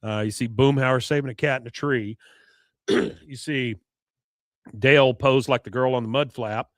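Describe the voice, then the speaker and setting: A man, a podcast co-host, recapping an episode in a rambling, casual way; his voice is going hoarse and he keeps clearing his throat. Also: medium pitch, steady tone, normal speed, dry recording, studio quality.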